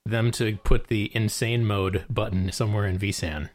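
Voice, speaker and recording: A man's voice: lowish voice, steady tone, normal speed. A man co-hosting a casual podcast, jokey and laughing as he chats. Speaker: podcast co-host.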